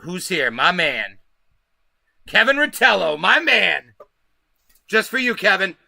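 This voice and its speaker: A man's voice: sits high, sing-song, takes it slowly, vocal fry, very noisy. A man hosting a live stream, talking casually and emphatically, often cursing and asking his viewers "okay?". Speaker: livestream host. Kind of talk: casual livestream commentary.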